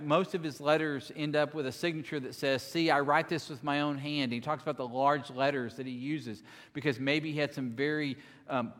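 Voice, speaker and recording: A man, a lead minister, preaching a sermon earnestly, swinging between loud emphasis and quiet, soft-spoken moments. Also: fairly high pitch. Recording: long hall reverb.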